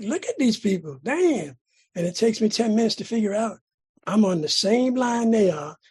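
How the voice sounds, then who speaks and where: A middle-aged man from California sharing his recovery story at a meeting, telling it dramatically with sudden loud bursts and rhythmic repetition. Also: high-pitched, breathy edge. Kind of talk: personal recovery testimony.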